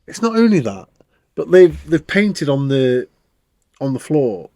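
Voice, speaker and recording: A man's voice: on the high side, unhurried, no room sound. Man telling a story in a dry room. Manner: animated storytelling with frequent laughs. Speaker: podcast co-host. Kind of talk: casual chat.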